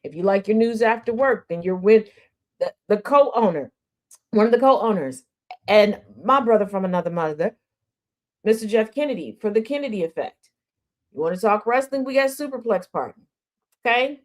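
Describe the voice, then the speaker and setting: A woman's voice: medium pitch, lively intonation, moderate pace. A woman hosting an internet radio show, chatting casually with her audience, teasing them and laughing often. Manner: talks straight to the audience. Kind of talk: casual livestream chat.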